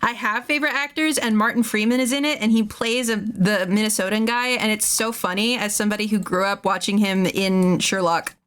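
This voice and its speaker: A woman's voice: medium pitch, fairly even intonation, fairly quick, hardly any pauses, a bit bright, smooth. A woman streaming casually, rambling and laughing often as she draws and chats. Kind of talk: casual chat while drawing.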